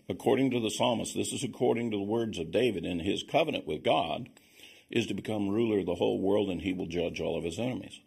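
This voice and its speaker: A man teaching on scripture as a Bible teacher, explaining in a measured way and reading passages aloud. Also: lowish voice, gravelly, slightly rough.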